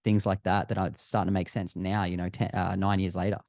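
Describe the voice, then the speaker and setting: A man's voice: deep voice, little pitch movement, quick pace, darkish tone, no echo, studio quality. A man co-hosting a podcast in casual chat, enthusiastic and swearing freely.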